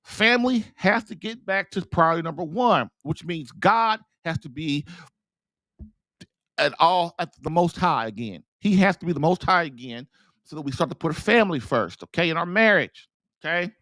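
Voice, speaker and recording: On a dry recording, a man with an expressive voice on the high side speaks at a moderate pace with a slightly bright tone. Hosting his marriage show as a podcast host and coach, he preaches earnestly to husbands in the call-in audience, restarting and repeating himself on the way to emphatic urging.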